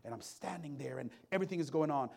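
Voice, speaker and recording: A man preaching a sermon, telling a story from his work as a hospital chaplain, swinging from hushed to loud with repeated build-ups. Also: a little high, expressive, fast talker, creaky.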